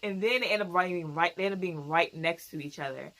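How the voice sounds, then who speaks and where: A young woman hosting a casual TV recap, animated and quick to laugh as she acts out scenes. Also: fairly low pitch. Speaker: recap show host.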